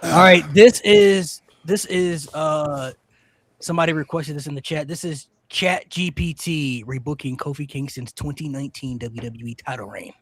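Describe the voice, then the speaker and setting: A man hosting a casual podcast, reading a list aloud with lots of "uh" fillers and excited outbursts. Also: a little high, moderate pace. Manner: excitable, filler-heavy, many "uh"s. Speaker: podcast host.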